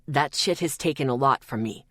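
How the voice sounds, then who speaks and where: A woman's voice: extremely low pitch, normal speed, fairly bright tone, dry recording, studio quality, voice pushed down. A woman doing Zeke, a growling hardened young man. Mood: bitter growl. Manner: growling, clipped.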